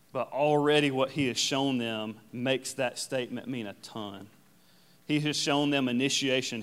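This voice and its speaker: Man, pastor, sermon, conversational, resonant, mid pitch, long reverb. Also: smooth. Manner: conversational, paraphrases scripture in casual everyday phrasing.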